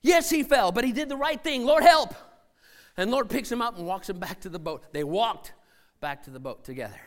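A man preaching a sermon as a missionary, acting out scenes and voices and swinging from shouting to hushed tones. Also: high-pitched, lively intonation, fairly quick.

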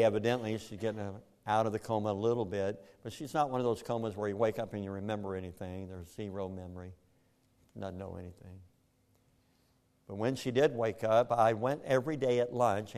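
A man with a drawl and a somewhat low voice tells a personal story. He speaks plainly and earnestly, moving between quiet and more forceful stretches. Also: clear, resonant tone. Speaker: speaker telling his story. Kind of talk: personal testimony.

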